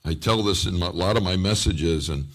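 A man's voice: sits low, normal speed. A middle-aged man preaching a sermon as a pastor, telling stories with acted-out quotes and frequent repeated words and restarts. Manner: animated storytelling with acted-out quotes.

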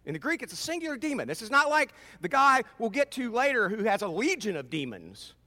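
High-voiced, animated preacher. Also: male voice, brisk. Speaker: pastor. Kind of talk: sermon. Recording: long reverb in a large hall.

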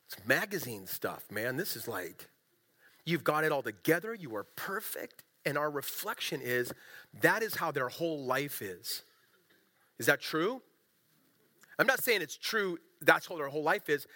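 Bright-voiced, animated male pastor. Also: fairly high pitch. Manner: conversational, animated, self-deprecating preaching. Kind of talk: sermon.

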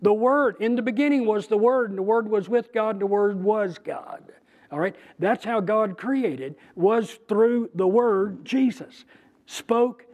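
Male preacher, high voice, talks through scripture conversationally with emphasis. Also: a little mellow. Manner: conversational, emphatic, with pauses and restarts. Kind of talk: bible teaching.

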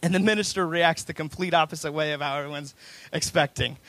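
A pastor delivering a sermon, his voice a bit higher than most men's and with a gravelly edge. He builds intensity through repeated, stacked phrases. The sound is close and dry, with no room echo. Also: fast, a bit bright.

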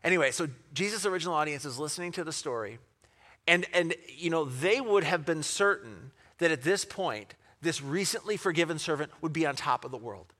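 A man preaching a sermon, telling a parable in an animated way, with asides and rhetorical questions. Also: a little high, fairly quick. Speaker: pastor.

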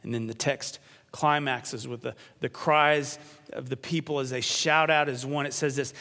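A male pastor preaching a sermon in a church. He leads the congregation in call and response and drops to a hush on key words. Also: medium pitch, fairly even intonation, normal speed. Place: church sanctuary. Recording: long reverb of a large church.

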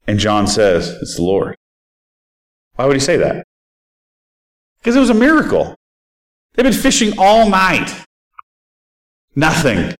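A man's voice: a little high, wildly swooping pitch, unhurried, long pauses, low-quality recording. A man giving a casual, conversational Bible teaching. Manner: conversational and informal.

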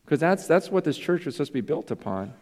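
A male pastor delivers a confessional sermon, turning hard questions back on himself. His voice sits a little high for a man. Long reverb from a large hall trails after each phrase. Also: sing-song, quick pace, a little mellow. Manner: earnest, confessional, self-questioning.

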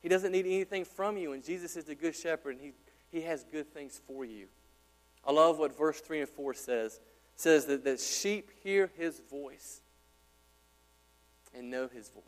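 A male pastor preaching a sermon in a church, talking conversationally and asking his congregation questions. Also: moderate pace. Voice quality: deep. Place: church sanctuary. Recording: hall reverb with mains hum.

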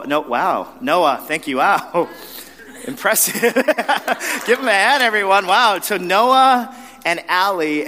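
Conversational pastor in a reverberant hall. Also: male voice, on the high side, bright, forceful tone. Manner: conversational, self-deprecating storytelling with frequent restarts. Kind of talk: sermon. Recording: long reverb of a large hall.

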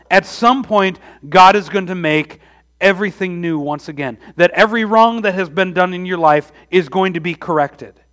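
Earnest high-voiced male preacher. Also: fairly bright tone. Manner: earnest, repeats words and restarts often. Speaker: pastor. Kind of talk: sermon.

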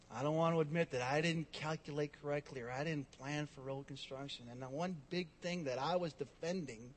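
High-voiced preacher man in a reverberant hall. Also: slight background noise. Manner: storytelling with wide swings between loud emphasis and soft asides. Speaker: pastor. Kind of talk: sermon.

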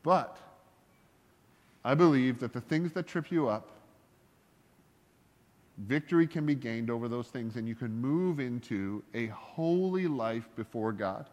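A man preaching a sermon as a pastor, talking in a loose, conversational way with jokes and self-deprecating asides. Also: medium pitch. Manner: conversational and joking, with laughs and asides. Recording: long hall reverb.

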